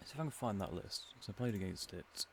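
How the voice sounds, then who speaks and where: A man's voice: lowish voice, animated, fast talker, vocal fry, a bit bright, slight background noise. An English man streaming a game, musing and rambling in a casual commentary with dry humour. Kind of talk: casual commentary while playing.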